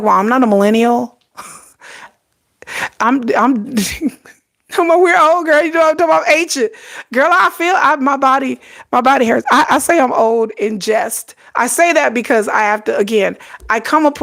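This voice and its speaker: A woman's voice: fairly high pitch, vocal fry. A middle-aged woman hosting a casual livestream, telling stories with lots of laughter and casual swearing. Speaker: K-pop commentary livestream host.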